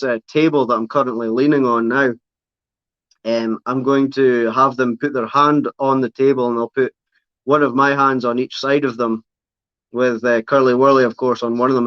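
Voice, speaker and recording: A man chats casually on a livestream, rambling fondly about his spider and cooing at her between thoughts. His voice sits mid-pitch, recorded dry and slightly dull, like a camera mic on a tripod. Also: no echo. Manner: chatty, fond baby talk to his spider. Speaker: livestream host showing pet reptiles and spiders. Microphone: camera on a tripod, close by.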